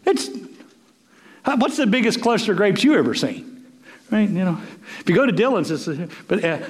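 A man preaching a sermon as pastor, telling stories in an animated way with voiced asides. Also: extremely high pitch. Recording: long hall reverb.

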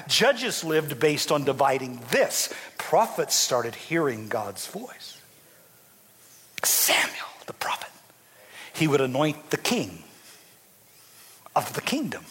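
A man's voice: a little high, very animated, slow, a bit bright, slightly rough, long reverb tail. A man, a bishop, preaching a sermon in a folksy, dramatic storytelling way with joking asides to his congregation.

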